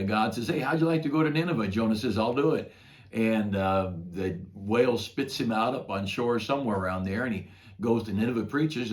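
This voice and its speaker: An older man, a pastor, retelling a Bible story in a folksy, conversational devotional talk. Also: on the low side.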